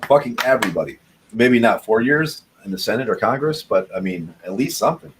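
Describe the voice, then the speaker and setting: A man's voice: fairly low pitch, lively intonation, brisk, a little hiss or hum, poor audio. A young man chatting casually as a podcast host, rambling and swearing often with frequent laughs. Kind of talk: casual chat.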